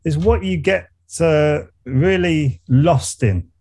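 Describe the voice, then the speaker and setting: A man's voice: a little high, takes it slowly, a little mellow, husky. A middle-aged man with a Surrey English accent, talking as an interview guest in a reflective, rambling way. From England. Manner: reflective, rambling, frequent restarts and laughs. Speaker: guest, meditation coach and musician. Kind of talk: casual interview conversation.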